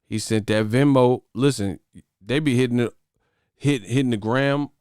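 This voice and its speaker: A man hosts a boxing channel and rants to his viewers in loose, profane livestream talk. His voice is smooth and clear. The sound is dry and close to the mic. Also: medium pitch, moderate pace, no echo. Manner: profane, animated ranting. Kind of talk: casual livestream chat.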